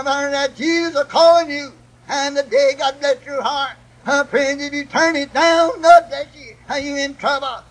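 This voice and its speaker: A man preaching a sermon, putting a breathy "uh" between phrases. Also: extremely high pitch, fairly bright tone, low-quality recording. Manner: chanting, with "uh" after each breath and repeated "God bless your heart". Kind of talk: old-time preaching sermon.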